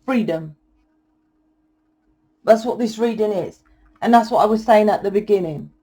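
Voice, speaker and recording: A young woman giving a channeled tarot reading in a forceful, blunt lecturing way, swearing often. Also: medium pitch, moderate pace. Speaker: tarot reader.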